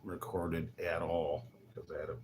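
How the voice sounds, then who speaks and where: Over a noisy background in a hotel, a livestreaming vlogger with a deep voice and level tone rambles through a casual monologue at a moderate pace. He is wry and grumbling, muttering asides and chuckling to himself.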